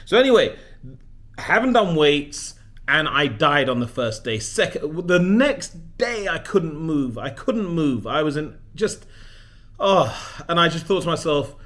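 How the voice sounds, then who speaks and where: A man's voice: on the high side, sing-song, measured pace, a bit bright. A man in his forties, a leadership coach, talking casually in a personal vlog, chatty and self-deprecating, often restarting his sentences. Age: 40s.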